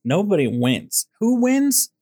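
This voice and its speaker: A man's voice: high voice, very animated, slow pace, dark tone, no echo, clean studio sound. A man co-hosting a casual movie podcast, ranting with sarcasm about a show he disliked. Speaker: podcast co-host.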